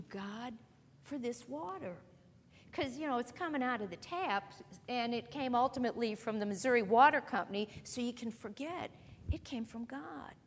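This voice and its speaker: A woman teaching a sermon in a conversational, emphatic way, slowing down on key phrases and drifting into chatty asides. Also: fairly high pitch, a little hiss or hum. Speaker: Bible teacher. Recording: long hall reverb.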